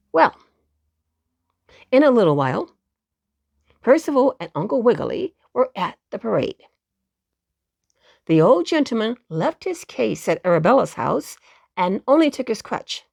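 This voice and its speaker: A woman reads a children's bedtime story aloud in a gentle, expressive way, turning to the listener with playful asides. She speaks slowly, her pitch rises and falls, and a slight gravel runs through her voice. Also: no echo, clean studio sound.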